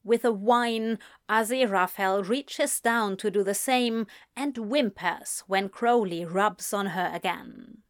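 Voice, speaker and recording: A woman reading erotic fiction aloud in a slow, breathy, intimate way. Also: mid-range voice, no echo, studio quality. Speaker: narrator.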